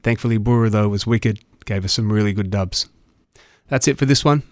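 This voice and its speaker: Australian man with a low, dry voice. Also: a little fast, dry recording. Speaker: radio show host. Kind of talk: scripted narration.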